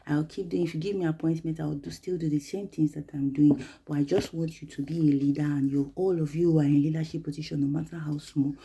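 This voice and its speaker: Nigerian woman, advocate, passionate rhetorical monologue; gravelly, dark tone. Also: low voice, level tone, fast, hardly any pauses. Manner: emphatic, rhetorical, slips into pidgin. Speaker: advocate commentator.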